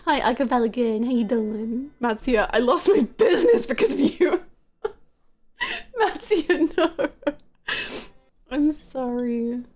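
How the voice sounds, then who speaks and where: A woman's voice: sits high, expressive, takes it slowly, pauses often, darkish tone, faint music behind. Giggly, rambling woman streamer. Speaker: game streamer. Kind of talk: casual live-stream chat with viewers.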